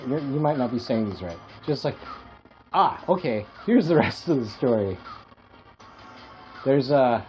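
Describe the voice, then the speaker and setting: A man from Hawaii rambles through comic stories on a casual podcast and laughs at his own jokes. His voice sits at a middling pitch. The recording is dull and lo-fi, with faint music underneath. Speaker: podcast co-host. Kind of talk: casual comedic chat.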